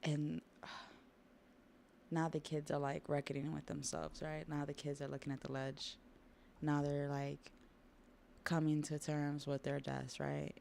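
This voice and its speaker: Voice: mid-range voice, flat delivery, slow, vocal fry, long pauses, a little mellow, a little hiss or hum. A streamer casually recapping a comic on a livestream, with laid-back slang, laughter and swearing.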